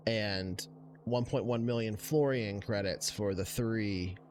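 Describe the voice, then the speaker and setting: A man's voice: lowish voice, slow, darkish tone, slight background noise. A man running a tabletop game as game master, explaining things in a casual way.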